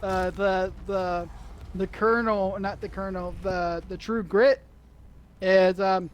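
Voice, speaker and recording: A man chatting while playing a game, halting and trailing off as he talks. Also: high voice, fairly even intonation. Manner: halting, many fillers and restarts. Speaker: gamer. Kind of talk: casual chat while gaming.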